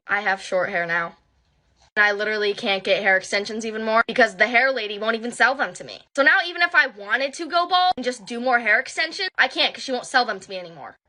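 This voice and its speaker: Brief: woman, casual vlogger, slow, rambling, heavy on fillers, downbeat delivery. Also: on the high side, expressive, bright, forceful tone. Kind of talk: casual vlog-style storytelling.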